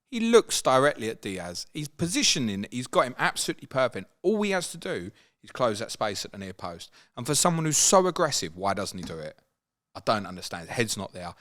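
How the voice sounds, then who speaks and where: A man hosting a casual football chat, animated and swinging up high when he mimics players. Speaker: football podcast host.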